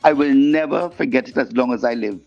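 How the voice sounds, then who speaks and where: A man being interviewed as a guest singer, telling stories in a lively way and acting out the voices of the people in them. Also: medium pitch, brisk, gravelly. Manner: animated storyteller, acts out quoted voices. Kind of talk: storytelling interview chat. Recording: muffled podcast audio with faint music.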